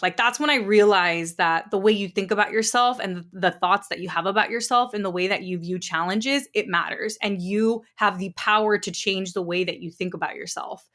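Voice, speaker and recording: A woman's voice: mid-range voice, fairly bright tone. A woman in her thirties hosting a podcast, telling personal stories in a candid, encouraging, conversational way. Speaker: podcast host. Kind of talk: personal storytelling.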